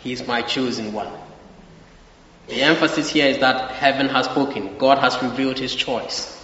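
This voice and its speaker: A man's voice: medium pitch, steady tone, normal speed, pushed and bright. A man preaching a sermon with emphasis, repeating his key phrases and asking the congregation for agreement. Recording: echoey hall, dull lo-fi sound.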